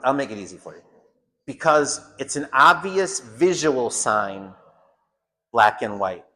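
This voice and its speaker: A man's voice: a little high, a bit bright. A man giving an informal home school lecture, blunt and emphatic, often repeating phrases for stress.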